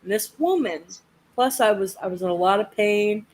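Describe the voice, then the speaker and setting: A woman's voice: mid-range voice, moderate pace, darkish tone, slight background noise, low-quality recording. A young woman telling a story in casual chat, swearing freely and laughing often. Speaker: live chat host.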